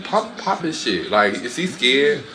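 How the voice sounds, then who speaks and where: A man's voice: medium pitch, measured pace, roomy sound, a little hiss or hum. Sassy, squealing male reaction commentator. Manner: animated, exclamatory, sassy running commentary with squealed outbursts. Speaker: reaction video host. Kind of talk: reaction commentary on fight highlights.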